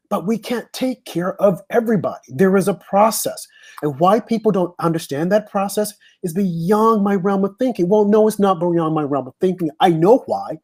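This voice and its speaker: A man's voice: sits high, a little mellow, slightly rough. An American man hosting a casual discussion, giving his views in an opinionated, emphatic way. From United States.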